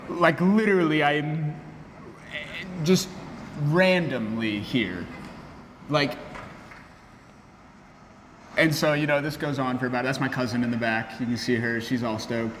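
A young man telling an animated story in a casual interview, laughing often and saying "like" and "bro" a lot. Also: mid-range voice, unhurried, long pauses, a little hiss or hum. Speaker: guest, café owner and barista. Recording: echoey room with long reverb.

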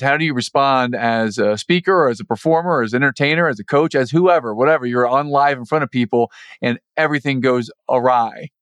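A man hosting a podcast, giving measured, reflective coaching advice in an earnest tone. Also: mid-range voice, fairly bright tone, smooth, no room sound. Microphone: podcast microphone over the internet.

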